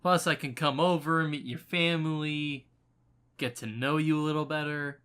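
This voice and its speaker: Bright-voiced, teasing young man. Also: on the high side, fairly even intonation, normal speed, clean tone. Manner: playful, pushy, teasing. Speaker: podcast co-host. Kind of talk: casual chat.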